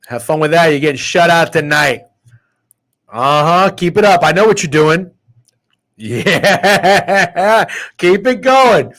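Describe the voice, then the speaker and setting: A man's voice: fairly high pitch, animated, slow, a bit bright. A man in his thirties hosting a sports betting podcast, brash, profane and trash-talking in casual chat. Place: podcast studio.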